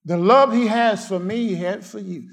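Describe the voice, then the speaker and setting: High-pitched guy preaching hard, repeats himself, goes from yelling to almost a whisper. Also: normal speed, creaky. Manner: swings from shouting to hushed murmurs; repetitive declarations and cadences. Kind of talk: fiery sermon.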